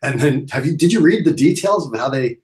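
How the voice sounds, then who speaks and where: A man co-hosting a live podcast stream, talking in a relaxed, drawling way and laughing along. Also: mid-range voice, fairly quick. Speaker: podcast co-host. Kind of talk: casual live-stream chat. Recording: echoey room sound.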